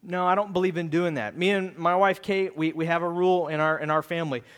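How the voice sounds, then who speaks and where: Animated high-voiced male preacher. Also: quick pace. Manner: animated storytelling, acting out quotes, shouting at peaks; earnest, preacherly. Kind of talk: sermon with personal story.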